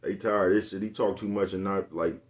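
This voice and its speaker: In a casual vlog, a young man rambles in a low, steady, brisk voice. He laughs frequently, swears a lot, leans on crude slang, and keeps checking "you know what I'm talking about".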